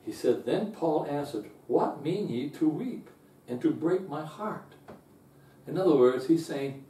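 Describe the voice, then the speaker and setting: A man teaching a Bible lesson, earnest and often repeating himself as he works through the verses. His voice is mellow and dark, and it carries an echo, as if he stands some way from the mic in a roomy hall. It climbs higher and louder when he stresses a point. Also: animated, moderate pace, recorded from a distance. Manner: rises in pitch and loudness when stressing a point.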